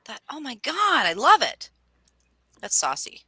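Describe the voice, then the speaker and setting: Co-host, woman, bright and animated, dry close sound. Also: high voice, measured pace, husky, no room sound, low-quality recording. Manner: lively, animated storytelling. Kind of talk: casual chat.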